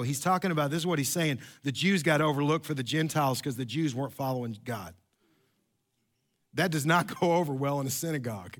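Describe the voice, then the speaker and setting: A man's voice: a little high, brisk, a bit bright. A pastor in his fifties giving a sermon in a chatty, joking storytelling way with many restarts.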